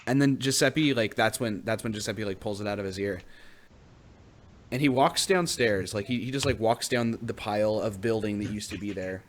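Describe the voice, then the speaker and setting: A man's voice: fairly low pitch, moderate pace. A young man narrating as game master in a rambling, filler-heavy way. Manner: rambling, full of fillers and restarts.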